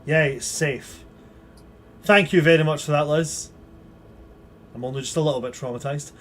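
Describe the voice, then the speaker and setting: A man's voice: a little high, fairly even intonation, moderate pace. A man as game master, closing a tabletop livestream and plugging the socials in a chatty, upbeat way.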